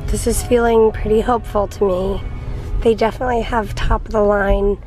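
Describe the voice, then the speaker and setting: A woman's voice: medium pitch, steady tone, moderate pace, darkish tone, soft background music. A woman chatting casually for a vlog, playful and making dry jokes. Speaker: vlogger.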